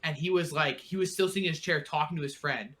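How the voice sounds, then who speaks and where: A man's voice: on the high side, fast talker, a bit bright. A young man, a podcast co-host, telling a story in casual chat, acting out quotes and swearing freely.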